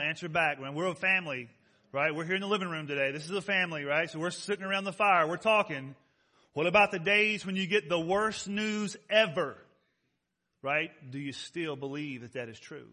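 A male pastor preaching a sermon, emphatic, asking his congregation questions and swinging from loud stressed words to soft, close remarks. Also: on the high side. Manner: rises loud on key words, drops soft and intimate.

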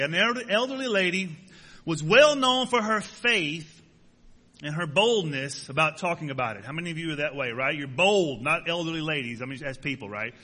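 Middle-aged male pastor, high bright voice, folksy sermon delivery with jokes, church reverb. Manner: folksy, joking asides to the congregation. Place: church sanctuary.

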